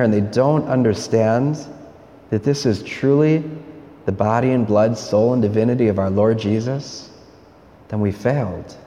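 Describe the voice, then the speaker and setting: A priest delivers a homily in an earnest, unhurried, plain-spoken way. His voice sits in a mellow, darker register. The sound carries a long reverb from a large church hall. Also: medium pitch. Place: university church.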